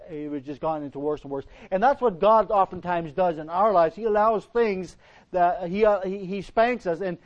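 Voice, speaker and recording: A man's voice: sits high, darkish tone. A middle-aged man, a pastor, preaching a sermon in a folksy, rambling way, telling a personal story with frequent restarts. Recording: dull lo-fi recording.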